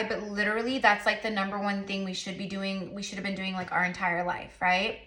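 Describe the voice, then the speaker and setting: Woman tarot reader, chatty and rambling, bright edge, echoey room. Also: medium pitch, flat delivery, a little fast, hardly any pauses. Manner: rambling, many fillers, repeated affirmations. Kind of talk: casual spiritual reading to camera.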